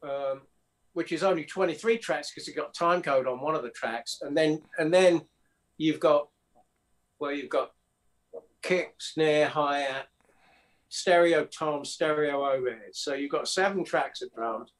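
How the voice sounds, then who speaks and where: A man with a slightly high voice recounts his studio days in a relaxed interview. He rambles with fillers and quick restarts as he talks. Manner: anecdotal, acts out quotes, many fillers and restarts. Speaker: record producer guest. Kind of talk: casual interview storytelling.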